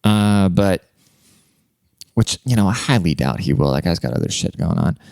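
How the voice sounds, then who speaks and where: A podcast host talking in a rambling, foul-mouthed comedic monologue, with a lowish, smooth, resonant voice. The sound is close and dry, with no room echo. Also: male voice, animated, moderate pace, darkish tone. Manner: profane, rambling storyteller who laughs at his own jokes.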